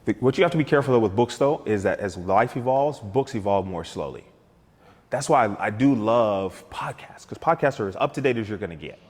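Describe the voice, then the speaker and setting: A man's voice: fairly low pitch, fairly quick, long reverb tail. A man talking as a guest sales coach on a talk show, telling stories with energy and acting out both sides of sales conversations. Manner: energetic, storytelling, acts out sales dialogues.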